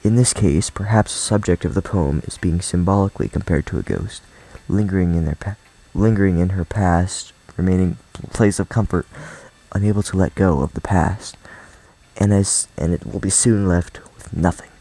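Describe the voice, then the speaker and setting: A man voicing a shy, bookish young woman who speaks in a soft, hesitant, gentle way. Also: sits low, normal speed, rough recording. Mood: timid.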